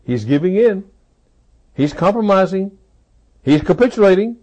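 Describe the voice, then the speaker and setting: A man's voice: expressive, a little slow, gravelly, pauses often. Emphatic man preaching a sermon. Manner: emphatic, repeats key phrases, swings between loud rises and low drops.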